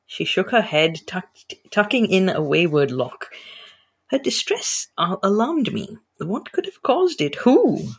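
A woman author talking casually in an interview and reading her novel aloud in an expressive, animated way. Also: fairly low pitch, unhurried, breathy edge.

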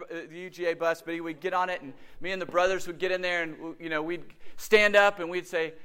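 This middle-aged man preaches in a smooth, fairly high-pitched voice. His sermon is full of animated stories and acted-out quotes.

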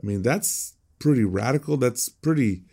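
A man's voice: medium pitch, expressive, moderate pace, gravelly, mellow, slightly rough. A man preaching a conversational sermon as a pastor, emphatic and prone to repeating words.

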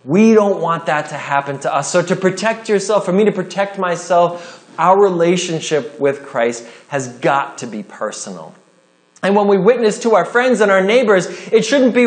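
A man preaching a sermon in an earnest, conversational way, with quick rises and drops in his delivery. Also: sits high. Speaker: pastor.

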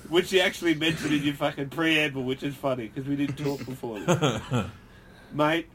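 A man's voice: fairly high pitch, normal speed, fairly bright tone. A man ribbing his podcast co-hosts in casual banter, swearing freely and laughing often. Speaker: podcast co-host. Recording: background noise.

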